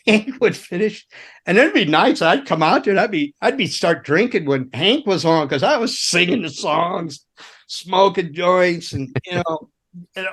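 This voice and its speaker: A man's voice: high voice, animated, measured pace, fairly bright tone. An older man, a former roadie, telling rambling, profane road stories in casual chat, laughing and acting out quotes. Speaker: guest, former rock roadie.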